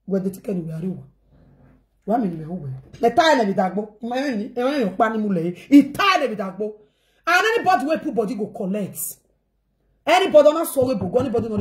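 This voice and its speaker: A woman's voice: on the high side, darkish tone. A woman with a Nigerian accent talking casually to her viewers in a rambling, repetitive way, mixing in pidgin phrases.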